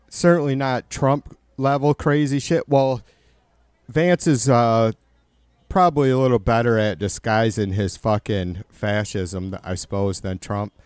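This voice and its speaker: A man's voice: medium pitch, steady tone, a little slow, darkish tone, clear, resonant tone, no echo. A man live-streaming casual political commentary, swearing a lot and rambling with many restarts as he answers his chat. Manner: profane, rambling with frequent restarts.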